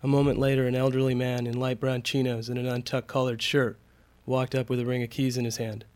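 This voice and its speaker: Male storyteller, measured, suspenseful delivery, steady mid pitch. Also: clear, resonant tone. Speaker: narrator. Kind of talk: scripted story narration.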